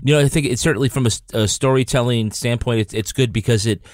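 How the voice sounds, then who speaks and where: A man on a podcast giving a measured opinion, with some hesitation. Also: medium pitch, a little mellow, dry recording, clean studio sound. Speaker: podcast guest. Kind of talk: casual podcast discussion.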